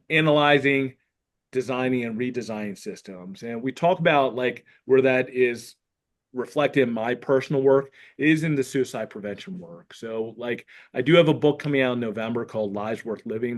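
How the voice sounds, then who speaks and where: A man who works as a school counselor and author, talking through his ideas earnestly and thoughtfully as a podcast guest. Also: mid-range voice. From Pennsylvania. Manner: earnest, thoughtful, many "like" fillers. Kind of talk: casual conversation, reading from his book.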